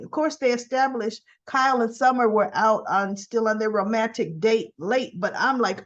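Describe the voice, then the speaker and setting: A woman's voice: on the high side, normal speed, few pauses, highs cut off. A woman recapping a soap opera in a chatty, folksy way, full of playful exclamations. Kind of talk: casual chat recap.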